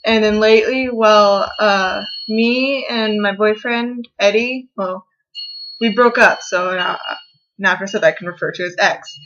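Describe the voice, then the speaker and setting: A young woman in her bedroom, talking into her camera in a halting, rambling confessional vlog, upset and close to tears. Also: mid-range voice, steady tone, fairly bright tone, lo-fi sound. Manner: rambling, halting, with many fillers and restarts. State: tearful, upset. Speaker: vlogger.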